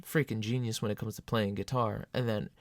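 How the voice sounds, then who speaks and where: A man telling concert stories in casual vlog style, excitable and animated, with sudden loud jumps. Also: on the low side, a little fast. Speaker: metal fan vlogger. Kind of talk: casual storytelling to camera.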